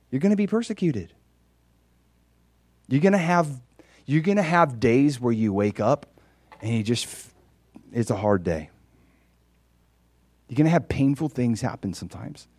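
A man's voice: fairly high pitch, no echo. Man preaching in a dry room. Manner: conversational preaching, swinging from quiet to loud and emphatic. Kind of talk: sermon.

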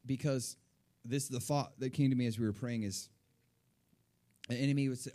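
A man preaching a sermon, telling a personal story with animated, excitable delivery that rises high when he relives moments of joy. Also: normal speed, long pauses.

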